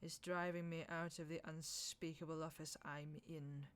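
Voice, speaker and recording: A woman doing a gruff, proud civil servant. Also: level tone, normal speed, slight background noise, natural voice. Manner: low, clipped and stammering.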